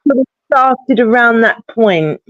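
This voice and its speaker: A host in a casual online chat, telling stories in a chatty, drawn-out way. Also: medium pitch, lively intonation, a bit bright, no echo. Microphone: video call. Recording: dry, dull lo-fi call audio.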